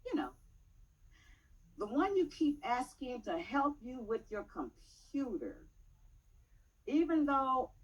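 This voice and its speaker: A woman giving a dramatic poetry recitation at a public meeting, measured, with pointed pauses and rising emphasis. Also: high voice, sing-song, highs cut off.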